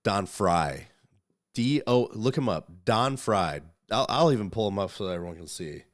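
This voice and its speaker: A man's voice: lowish voice, expressive, moderate pace. A man hosting a podcast in casual chat, rambling, swearing freely and reading articles aloud. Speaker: podcast host.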